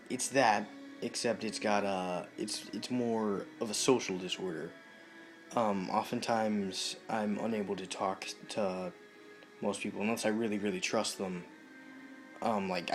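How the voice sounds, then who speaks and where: A young man talking casually to the camera in a halting, hesitant way, with many restarts and fillers. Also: lowish voice. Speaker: vlogger.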